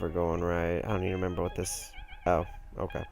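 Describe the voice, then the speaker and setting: A man's voice: low voice, monotone, a little fast, music in the background. A man giving casual, wry commentary while playing a story game. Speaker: let's play host.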